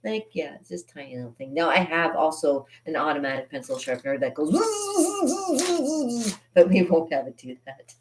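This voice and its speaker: Low-voiced chatty woman artist. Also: big pitch swings, a little slow, darkish tone, a little hiss or hum. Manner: chatty and rambling, with frequent laughs. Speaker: artist hosting a live drawing stream. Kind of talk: casual live drawing tutorial.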